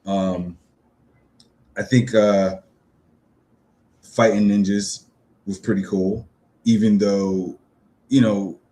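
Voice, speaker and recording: Easygoing New man, low voice. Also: flat delivery, slow pace, long pauses, warm tone. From New York City. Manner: loose and rambling, many fillers. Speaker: pop-culture vlogger. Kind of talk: casual solo video talk.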